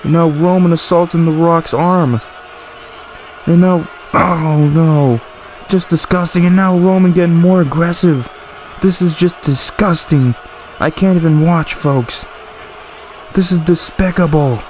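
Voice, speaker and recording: A man with a high voice calls the wrestling action in play-by-play fashion, breaking into exclamations as the fight unfolds. A faint hiss of noise sits under his voice. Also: a little slow. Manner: excited, exclamatory ringside calling. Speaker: commentator for a wrestling video game series. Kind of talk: play-by-play commentary.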